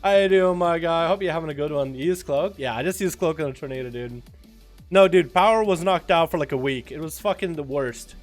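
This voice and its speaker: High-voiced, profane game streamer. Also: male voice. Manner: loose, profane, animated storytelling. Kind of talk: casual livestream chat. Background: faint background music.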